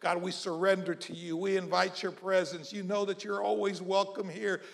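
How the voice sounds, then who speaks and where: A man from South Mississippi, preaching a sermon and leading the congregation in call-and-response, moving between hushed prayer and shouting. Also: sits high, flat delivery, moderate pace, gravelly. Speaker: pastor. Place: church hall. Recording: long church-hall reverb.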